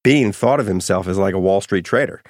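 A middle-aged man, an author being interviewed, telling anecdotes in a lively, casual way. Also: low-pitched, brisk, no room sound, clean studio sound. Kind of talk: storytelling interview.

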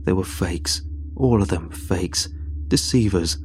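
A man doing a sinister, whispering stalker. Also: slight background noise. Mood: brooding. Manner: slow, low muttering and whispering. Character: obsessive, sinister older man, murderous stalker. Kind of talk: audiobook character voice.

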